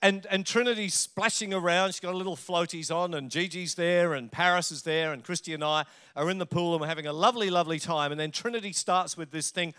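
Talking fast with few pauses, a middle-aged Australian pastor delivers a conversational sermon in a high, sharp, clean voice. He's a chatty storyteller, weaving jokes into his tales.

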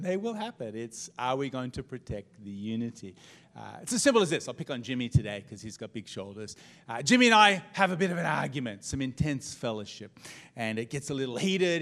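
A middle-aged man preaching a sermon as pastor, telling humorous stories with lively swings in his voice. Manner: humorous storytelling, animated pitch swings.

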